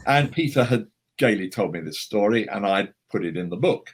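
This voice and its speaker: A male writer is a guest on an interview show and recounts anecdotes in an animated, chatty way. His voice is a little low and husky. He often pokes fun at himself. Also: normal speed. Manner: chatty, animated, self-deprecating. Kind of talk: anecdotal storytelling.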